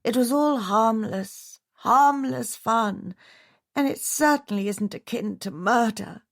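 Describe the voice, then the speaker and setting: A distraught society widow, as a woman reads her part, her voice climbing high and strained. She pleads and frets in a dry, close storybook narration. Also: takes it slowly, vocal fry, no room sound. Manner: pleading, teary, strained and rising.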